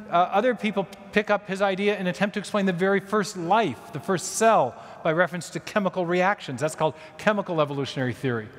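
A man giving a conference lecture in a large church hall, telling history as a story with asides and quick self-corrections. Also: on the high side, a bit bright. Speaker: conference speaker. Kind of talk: public lecture. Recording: long reverb of a large hall.

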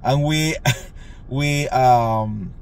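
A man tells a gossipy story in a casual vlog. His voice sits in a middle range, and he jumps higher when acting out quotes. Faint noise hums behind him. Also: very slow, creaky, darkish tone. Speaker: vlogger.

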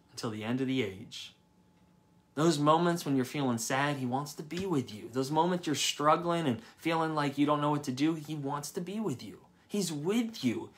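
Earnest young male preacher, bright voice. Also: a little high. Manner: conversational, earnest, repeats phrases. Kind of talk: sermon.

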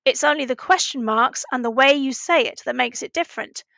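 A woman teaching a recorded language lesson to children, patiently asking questions and pausing for answers. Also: sits high, creaky, sharp tone, dry recording. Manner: slow, patient, asks questions and pauses for answers.

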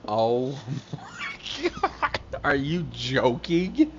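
A male streamer chats with his viewers during a live game, sounding winded and excitable. His pitch leaps about a lot, yet he takes his time between words. A faint background hum sits under the voice. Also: extremely slow, dull audio. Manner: animated, excitable, laughing often, talking to chat. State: out of breath.

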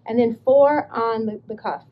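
A woman vlogging about thrift finds, chatty and animated, telling her story with excited bursts. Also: on the high side, measured pace, muffled recording, slight background noise. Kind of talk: casual vlog, showing thrift finds.

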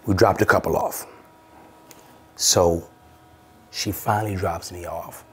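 A man hosting a podcast, telling a comedic story in an animated, profane way. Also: low-pitched, takes it slowly, slightly rough. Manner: animated, profane, swaps between voices. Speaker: podcast host.

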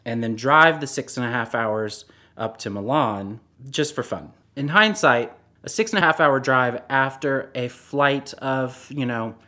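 A man casually telling a car story, animated and often dropping into a hushed voice. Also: medium pitch.

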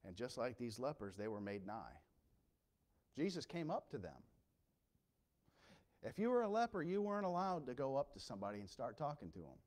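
A male pastor preaching a sermon with impassioned swings from quiet storytelling to loud emphasis. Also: mid-range voice, sing-song, normal speed, long pauses.

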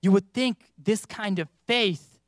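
A man preaching a sermon in church, earnest, with emphatic rises and slow stressed words. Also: high voice, dry recording, clean studio sound.

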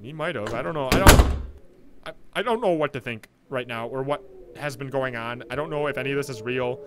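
A man hosting a horror game playthrough, hoarse from screaming, reacting excitably and reading dialogue aloud. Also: medium pitch, a little fast, very noisy. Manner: excitable, reactive, talks to the screen. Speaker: gameplay channel host. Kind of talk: let's play commentary, reading dialogue aloud.

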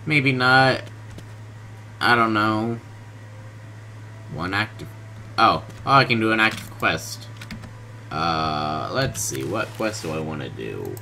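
A man giving casual gameplay commentary, low-key and monotone, groggy from just waking up, in his bedroom. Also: slow pace, vocal fry, pauses often. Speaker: gaming video host. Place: hot bedroom with a fan. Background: fan and keyboard noise.

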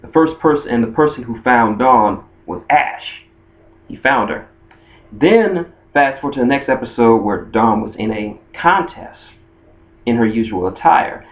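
A man's voice: medium pitch, lively intonation, measured pace. A man talking casually about a cartoon ship in a rambling way, often restarting his sentences. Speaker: anime fan video host. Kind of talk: casual fan monologue. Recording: dull lo-fi recording.

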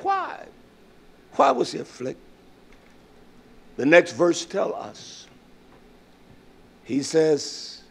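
A man preaching a sermon, emphatic and repetitive, drawing out his phrases. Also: sits high.

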